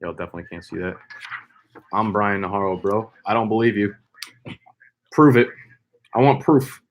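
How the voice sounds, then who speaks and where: A young man hosting a casual live stream, loud and playful, hyping up names with slang and swearing. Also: lowish voice, a little fast, muffled recording, a little hiss or hum. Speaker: fantasy football streamer.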